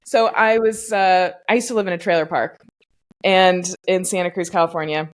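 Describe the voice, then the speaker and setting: A woman's voice: on the low side, fairly even intonation, moderate pace. A woman hosting a podcast, telling stories in a chatty way, full of fillers. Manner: chatty storyteller, many fillers. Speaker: podcast host. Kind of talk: casual podcast chat.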